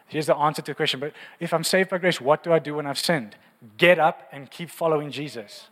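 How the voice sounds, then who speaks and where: A man preaching a humorous, lively sermon in a church. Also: fairly high pitch, fairly quick. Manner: humorous, animated preaching with acted prayers. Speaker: pastor. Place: large church hall. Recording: reverberant church hall.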